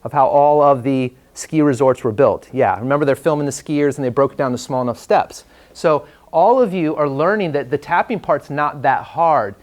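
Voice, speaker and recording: A man, teaching a live class and telling a story in a relaxed, conversational way with fillers. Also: a little high, moderate pace. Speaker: trainer. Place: training room before a class.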